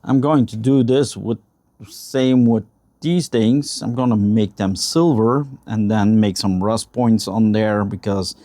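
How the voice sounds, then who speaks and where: A man with a fairly low voice chats casually through a walkthrough of his hobby project. He talks in a halting way, often stopping to search for the right words. He sounds like he is recording in a home workshop. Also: mellow, no room sound. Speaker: hobby builder showing a model truck project. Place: home workshop with a spray booth.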